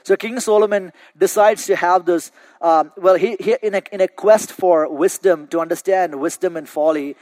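Higher-voiced man preaching a sermon. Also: a little mellow, no echo. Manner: storytelling, repeats words as he restarts. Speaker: pastor.

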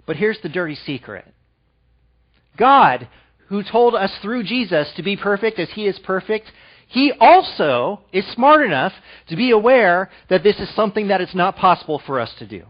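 A man's voice: sits high, sing-song, normal speed, muffled recording. A man preaching a sermon, reading scripture aloud, then explaining it with rising emphasis. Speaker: pastor.

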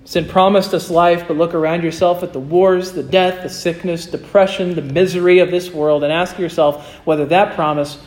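High-voiced earnest male pastor preaching. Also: fairly even intonation. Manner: earnest, slows and softens for emphasis. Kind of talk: sermon with closing prayer.

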